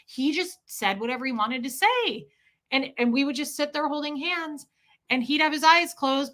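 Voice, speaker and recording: A woman hosting a livestream, answering viewer questions in a casual, animated, rambling way. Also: high voice. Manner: animated rambling storytelling, quick bursts. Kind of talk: casual chat.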